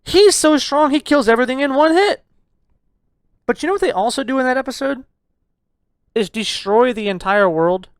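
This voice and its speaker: A young man rants on a podcast with a loud, jokingly abrasive edge. He swears freely and teases his listeners. The recording is close and dry. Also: very high-pitched, animated, normal speed, pauses often, clear, resonant tone, no echo. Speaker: podcast co-host. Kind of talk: casual ranting review chat.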